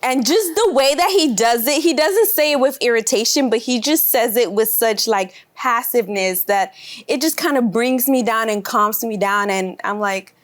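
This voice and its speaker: Female co-host, casual chat, expressive, slightly high pitch. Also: moderate pace. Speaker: podcast co-host.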